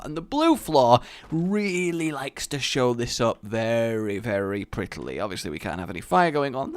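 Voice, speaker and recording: A man giving casual, excitable commentary over gameplay, breaking into loud delighted exclamations. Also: medium pitch, dry recording. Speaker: gaming YouTuber.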